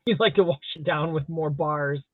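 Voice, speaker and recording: A man co-hosting a live drawing stream in casual chat, joking playfully with deadpan exaggeration. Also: on the high side, moderate pace, no room sound. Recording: tinny phone-like sound.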